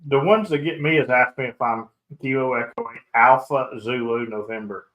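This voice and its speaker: A man's voice: mid-range voice, normal speed, lo-fi sound. Rambling man hosting a chat show. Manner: rambling, self-interrupting. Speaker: podcast host. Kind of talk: casual chat.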